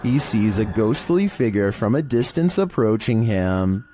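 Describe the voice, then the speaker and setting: A man narrating creepy internet videos in a steady, monotone scripted delivery. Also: on the low side, measured pace, a little hiss or hum.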